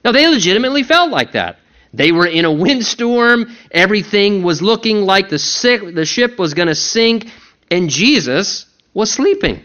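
A man's voice: sits high, very animated, normal speed, pushed and bright, lo-fi sound. A man preaching a sermon as pastor, earnest, posing rhetorical questions and acting out the people's complaints.

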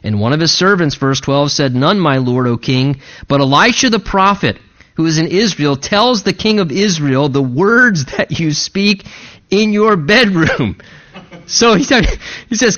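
A man's voice: on the high side, expressive, a little slow, a bit bright, lo-fi sound. A man preaching a sermon, working through a passage verse by verse and adding joking asides. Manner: expository preaching with humorous asides. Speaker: pastor.

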